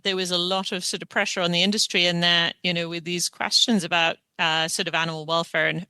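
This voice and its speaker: A woman's voice: lowish voice, pushed and bright, clean tone, no echo. A woman in her forties with a South African accent, a veterinarian introducing herself on a panel in a chatty way, with many ums. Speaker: veterinarian, guest.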